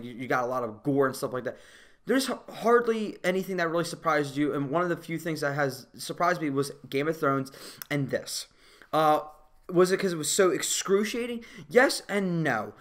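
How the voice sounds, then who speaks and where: A young man reviewing a movie in a casual, profane rant full of fillers and restarts, getting loud and worked up as he retells scenes. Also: high-pitched.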